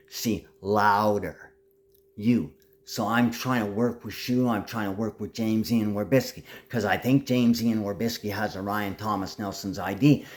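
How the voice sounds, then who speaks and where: A man talking to the camera in a rambling monologue, angry and threatening, swerving between calm talk and shouting. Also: fairly low pitch.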